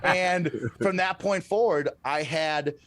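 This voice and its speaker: Animated man telling stories on a call. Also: high voice, slow pace. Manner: animated storyteller, acts out quoted voices. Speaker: podcast guest and co-host. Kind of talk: casual storytelling on a video call podcast. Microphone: video call.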